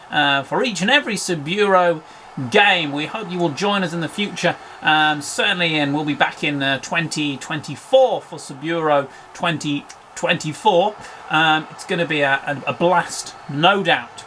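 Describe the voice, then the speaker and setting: A man's voice: a little high, sharp tone, a little hiss or hum, low-quality recording. A man in a comic parody of football commentary, rambling politely through a sign-off with many fillers.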